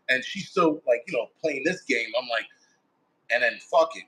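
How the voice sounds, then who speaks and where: Over poor audio, a firefighter guest speaks fairly quickly in a sharp, medium-pitched voice with lively intonation. His casual first-person story is blunt and full of swearing, and he performs the thoughts he quotes from himself.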